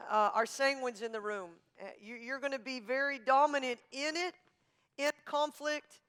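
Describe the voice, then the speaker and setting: Woman pastor teaching on marriage, punchy and emphatic, crisp bright voice. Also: a little high. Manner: emphatic, forceful and talkative, coach-like. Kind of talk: sermon-style teaching.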